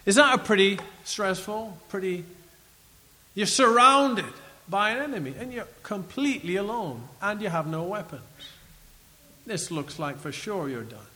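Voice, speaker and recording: A man preaching a sermon in an animated way, chuckling as he reads scripture aloud to his listeners. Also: sits high, unhurried, long reverb tail.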